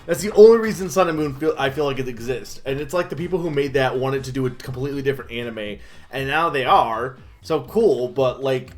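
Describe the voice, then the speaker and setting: A man's voice: mid-range voice, fairly quick. A man streaming a game and chatting casually, rambling with lots of fillers and self-deprecating asides. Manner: rambling, full of um and like, laughs at himself. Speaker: gaming streamer. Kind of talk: casual let's-play commentary.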